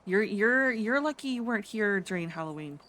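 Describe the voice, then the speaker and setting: A woman roleplaying a character in an online game, chatting casually and halting over her words. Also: medium pitch, animated, a bit bright. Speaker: roleplay streamer.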